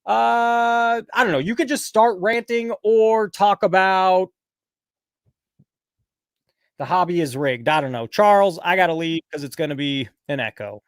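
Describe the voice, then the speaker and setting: A man's voice: high-pitched, lively intonation, a little slow, smooth, dry recording, clean studio sound. A man hosting a casual live call-in show, rambling and swearing as he switches between the chat and his caller. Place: home studio, fighting an echo.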